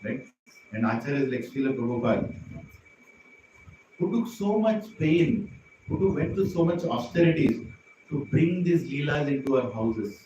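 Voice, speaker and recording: Animated preacher in an echoing hall. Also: male voice, fairly high pitch, normal speed, pauses often, recorded from a distance, background noise. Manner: animated, digressive, asks the audience questions. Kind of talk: devotional storytelling sermon. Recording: echoey hall, mic from afar.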